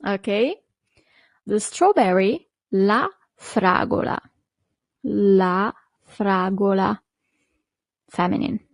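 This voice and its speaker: Woman teaching slowly. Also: mid-range voice, darkish tone, no room sound. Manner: slow, clearly repeated pronunciation with short praise. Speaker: language teacher. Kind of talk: beginner language lesson.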